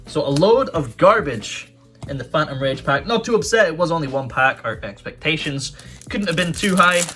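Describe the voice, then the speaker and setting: A man chatting casually as he opens card packs, his voice bright and ringing and his pitch bouncing around a lot. He mutters low when disappointed and shouts and swears when excited. Faint music plays behind him. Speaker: YouTube card-opening host. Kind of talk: casual pack-opening commentary.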